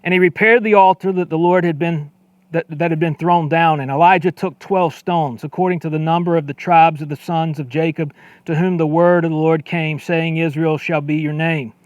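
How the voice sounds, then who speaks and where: A man preaching a sermon as pastor, reading scripture aloud and retelling it in a conversational way, repeating words as he gets excited and acting out quoted lines. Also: a little high, normal speed, clear, resonant tone, no room sound. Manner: acts out quoted lines with a raised voice.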